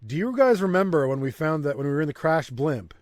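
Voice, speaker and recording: A man's voice: a little high, very animated, a little fast, dry recording, clean studio sound. A man hosting a let's play, thinking aloud and reading game text in casual commentary.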